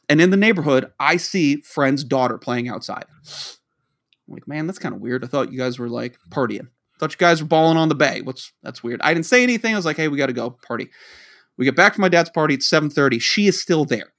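A man's voice: on the high side, animated, fairly quick, a bit bright. A man from the Boston area, co-hosting a podcast and telling a long rambling story, acting out the dialogue he quotes. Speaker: podcast co-host. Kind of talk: casual storytelling.

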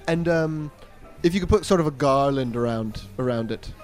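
A man's voice: medium pitch, moderate pace, faint music behind. A man from Canada co-hosting a comedic sports podcast, joking and riffing with puns. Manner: jokey, punning, riffing. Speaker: podcast co-host.

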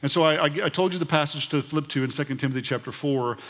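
A man's voice: a little high, fast, fairly bright tone. A middle-aged man, a pastor, giving church announcements in a conversational manner, often restarting and filling his sentences. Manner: conversational, with frequent fillers and restarts. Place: large church auditorium. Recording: long hall reverb of a church auditorium.

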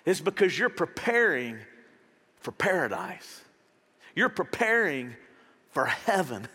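A man preaching a sermon as pastor, conversational and animated, firing off rhetorical questions and acting out the voices of the people in his story. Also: on the high side, takes it slowly, husky. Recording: reverberant hall sound.

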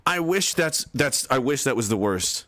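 Sarcastic, animated man ranting. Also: medium pitch, normal speed, no echo, studio quality. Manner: mocking, profane, exaggerated sarcasm. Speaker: political livestream host. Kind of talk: sarcastic commentary reading viewer comments.

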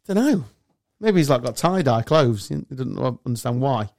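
A man's voice: mid-range voice, sing-song, normal speed, vocal fry, a little mellow, no room sound, clean studio sound. A man, co-hosting a podcast, chatting and joking in a casual, sweary way. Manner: jokey, puts on silly voices, swears freely. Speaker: podcast co-host.

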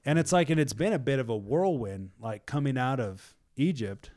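A man in casual faith chat, retelling a Bible story in a loose, animated way, full of fillers and acted-out voices of a panicked crowd. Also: medium pitch, moderate pace. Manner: loose and animated, many fillers like "like" and "you know".

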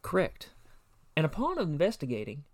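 A man's voice: on the high side, wildly swooping pitch, moderate pace. A man co-hosting a true crime podcast, reading a prepared case summary with occasional personal asides. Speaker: podcast co-host.

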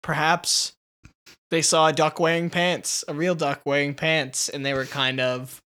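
A man's voice: a little high, flat delivery, unhurried, bright, forceful tone, smooth. A man co-hosting a comedy podcast in casual chat, playful and jokey, acting out silly quotes. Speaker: podcast co-host.

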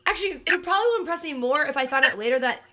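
A woman co-host with a high, bright voice chimes in with laughs and quick remarks. Faint noise sits under her voice. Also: animated. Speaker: podcast co-host. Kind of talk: casual chat.

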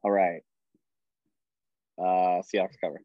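Deep-voiced man on a dull, muffled line. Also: flat delivery, slow, no echo. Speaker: co-host. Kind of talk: casual sports chat.

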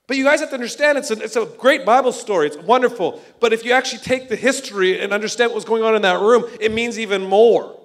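A man preaches with energy and a casual, conversational touch. His voice sits high for a man. He slips into quick acted-out voices for the people in his stories. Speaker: pastor. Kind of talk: sermon.

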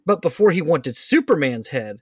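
A man co-hosting a movie podcast, introducing the episode and poking fun at himself. His voice sits high for a man, and his talk is relaxed and chatty. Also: normal speed, husky, no echo, clean studio sound. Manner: self-deprecating, chuckles. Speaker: podcast co-host. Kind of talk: casual chat, introducing the episode.

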